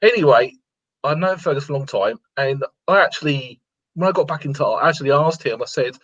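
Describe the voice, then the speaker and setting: Earnest guy, kinda husky voice, keeps repeating himself to encourage people, lo-fi sound. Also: on the high side, expressive, fast, a bit bright. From England. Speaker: guest artist, watercolourist. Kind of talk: casual interview chat.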